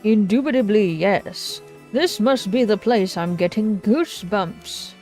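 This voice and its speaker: A woman voicing a flamboyant, grandiose male fantasy author, reading his lines in a loud, theatrical, pompous way. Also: medium pitch, a little slow, soft background music, natural voice. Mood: eager.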